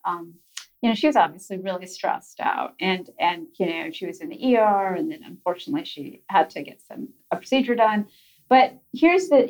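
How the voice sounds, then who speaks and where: A woman's voice: medium pitch, rough recording. A woman guest telling a story earnestly in a casual interview, with many fillers and restarts. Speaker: guest on a podcast.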